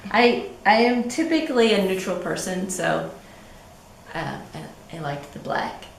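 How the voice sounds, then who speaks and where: A woman's voice: mid-range voice, expressive, measured pace, creaky, reverberant, slight background noise, low-quality recording. A woman co-hosting a podcast, chatting casually about her knitting with frequent ums and light laughs. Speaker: podcast co-host.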